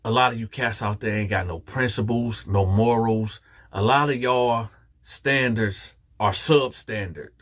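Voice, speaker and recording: A man casually telling a personal story to his viewers, acting out the dialogue with lively jumps in his voice. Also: on the low side, unhurried. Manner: animated, acts out quoted dialogue.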